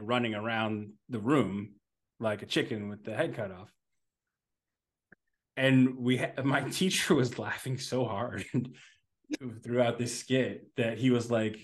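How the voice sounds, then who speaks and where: A man's voice: medium pitch, a bit bright. Rambling man telling stories. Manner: rambling, many fillers and restarts, laughs while telling stories. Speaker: podcast co-host. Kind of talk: casual storytelling chat.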